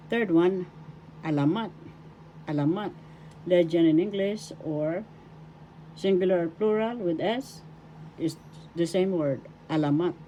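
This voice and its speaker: A woman's voice: lowish voice, dark tone, slight background noise, low-quality recording. An older woman with a Filipino accent teaching a language lesson, spelling out words syllable by syllable and repeating each word several times. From Philippines. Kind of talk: slow spoken language lesson.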